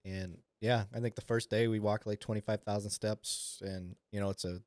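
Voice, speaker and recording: A man hosting a podcast interview, chatting casually and often chiming in with quick agreement and laughs. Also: lowish voice, fairly even intonation, a little mellow, no room sound, clean studio sound. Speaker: podcast host.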